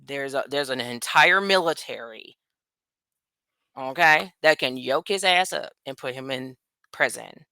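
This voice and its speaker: A woman's voice: very deep voice, pushed and bright, no echo. A woman from the United States talking straight to her viewers in a blunt, profane, rambling political rant. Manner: blunt, profane, ranting, quick asides. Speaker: vlogger. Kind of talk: casual political commentary to camera.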